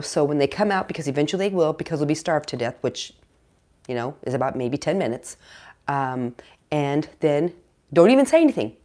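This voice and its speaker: A woman hosting a parenting channel, talking casually to the camera, acting out parents and teens and checking in with "okay?" and "all right?". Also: low-pitched. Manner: chatty, animated, acts out parents and teens in quoted voices. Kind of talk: casual direct-to-camera advice.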